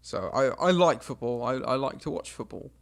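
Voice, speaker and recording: A young game streamer laughs at himself while casually narrating an embarrassing childhood episode, energetically acting out what people said. He talks at normal speed in a mid-range voice with vocal fry.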